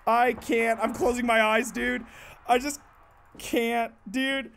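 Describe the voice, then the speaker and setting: A woman streaming a horror game, commenting nonstop in a panicky, swearing way that swings from low mutters to sudden screams. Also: a little slow.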